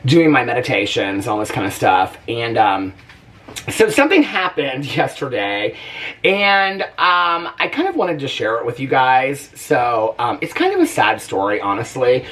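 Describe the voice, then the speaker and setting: A man vlogging casually to camera at home, talking in a chatty, animated way with plenty of fillers and laughs. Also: mid-range voice, normal speed, distant mic. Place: at home, indoors.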